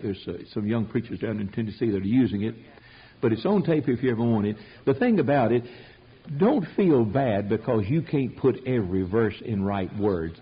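A preacher teaches a Bible study class in a folksy, emphatic manner, acting out quotes, captured on an old tape recording. His voice is medium-pitched with a breathy edge, and the sound is lo-fi.

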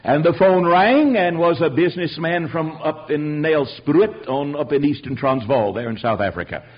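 A man preaching a sermon, telling stories with lively rhetorical asides. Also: fairly high pitch, moderate pace, slightly rough. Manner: animated storytelling with rhetorical asides. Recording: dull lo-fi recording.

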